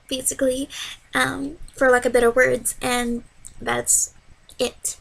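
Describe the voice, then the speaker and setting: A woman's voice: on the high side, little pitch movement, moderate pace, gravelly, fairly bright tone. A young adult woman telling a personal story to camera in a candid, earnest, casual way. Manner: candid and earnest, with frequent fillers. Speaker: vlogger.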